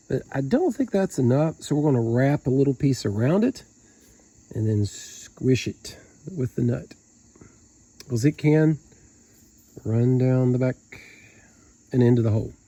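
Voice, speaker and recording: A man's voice: medium pitch, mellow, dry recording. A man with a Southern Appalachian accent, talking viewers through a boat repair in a folksy, joking way while he works outdoors. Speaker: DIY boat-repair vlogger. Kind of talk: casual how-to narration while working. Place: outdoors beside a boat on the ground.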